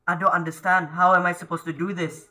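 A man doing horror let's-play commentary, jumpy, yelling and pleading at the ghost on screen. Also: high voice, level tone, fast. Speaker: gaming YouTuber.

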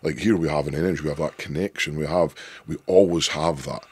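A Scottish man in his thirties with a deep voice, a guest telling stories in a rambling, sweary, emphatic way. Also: fairly even intonation, fast talker, a little mellow, slightly rough, dry recording. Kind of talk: casual interview chat.

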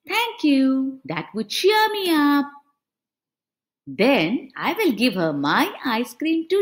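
Storybook elephant, young male, fretful and excitable, high and sing-song, voiced by a woman. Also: full character voice. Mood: hopeful. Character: young male elephant, greedy yet kind.

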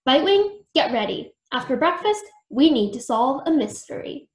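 Woman doing a gothic mouse lady, bossy, theatrical, high-pitched, echoey room. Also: big pitch swings, normal speed. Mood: bossy dramatic. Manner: dramatic, exclaiming, high-pitched.

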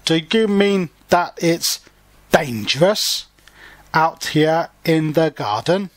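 A man's voice: a little high, expressive, takes it slowly, dry recording. A man voicing an older male mouse who is out of breath, unwell and cross in a read-aloud storybook. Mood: alarmed. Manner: panting, weary complaints.

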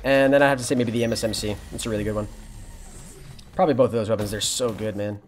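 Talking fast in a fairly low voice with faint music behind him, a young adult college student streams a shooter game. He's relaxed and chatty, reading and responding to his chat as he plays.

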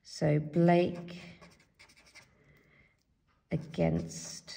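Speaking very slowly in a low, warm voice with vocal fry and little pitch movement, an English teacher works through a revision tutorial. She reads from a help sheet and writes as she goes, thinking out loud with plenty of fillers.

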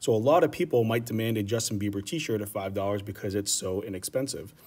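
A man's voice: lowish voice, fast, darkish tone, breathy edge. A man teaching an economics lesson in a casual, rambling way, often checking in with "right?". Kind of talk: economics lecture.

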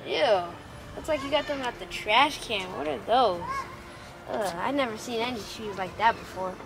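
A woman's voice: fairly high pitch, normal speed, creaky. A young woman acting as a mean, mocking girl bully in a playground skit, taunting and whiny. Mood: sneering. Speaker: actor in a family skit. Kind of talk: improvised home video skit. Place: outdoor playground.

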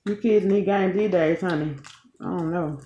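A woman in her thirties chats to her viewers as she hosts a relaxed eating video, folksy and easygoing. Her voice rings around an echoey room. The sound is a little dull and lo-fi. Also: on the low side, moderate pace, slight background noise. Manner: chatty, folksy, keeps calling viewers "y'all". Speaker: channel host, mother. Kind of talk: casual mukbang chat to viewers.

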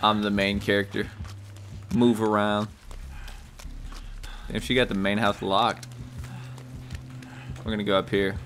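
A young man giving casual, jokey commentary over a video game, reacting loudly to big moments. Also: lowish voice, measured pace, pauses often, soft background music. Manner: excitable, jokey, shouts and laughs at big plays. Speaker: gaming YouTuber.

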